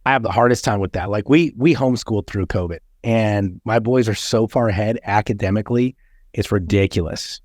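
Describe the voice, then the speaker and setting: A man's voice: fairly low pitch, brisk, no room sound, studio quality. Blunt, profane male podcast host. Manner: blunt, swears freely, animated storytelling. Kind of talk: casual chat.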